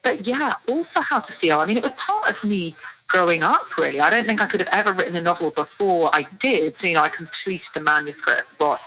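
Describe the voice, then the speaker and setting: A woman's voice: on the low side, lively intonation, brisk, sharp tone, highs cut off, slight background noise. A British woman in her thirties, an author guest chatting animatedly in an interview, laughing often and filling with "you know". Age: 30s. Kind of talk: casual interview chat.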